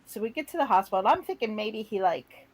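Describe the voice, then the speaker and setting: Woman co-host, mid-pitch, chatty, throws herself into quoted dialogue. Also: quick pace, low-quality recording. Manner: animated storyteller, acts out quotes. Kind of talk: casual chat.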